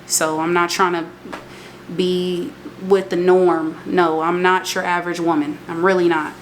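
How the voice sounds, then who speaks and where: A woman's voice: measured pace, noisy background. A young woman, talking casually and emphatically in a motivational vlog monologue. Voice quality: emphatic and animated, swings into high exclamations. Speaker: vlogger.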